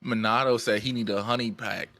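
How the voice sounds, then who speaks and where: A man co-hosting a podcast, joking loudly in casual comedic chat full of slang. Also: lowish voice, a little fast. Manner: loud, animated, slangy, joking. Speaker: podcast co-host.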